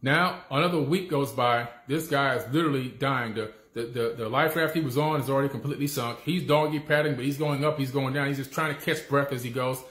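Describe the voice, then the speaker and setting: A man's voice: medium pitch, a little fast, few pauses, fairly bright tone. A man giving a casual, emphatic motivational talk that repeats its key points and keeps asking "okay?". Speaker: motivational speaker. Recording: echoey room.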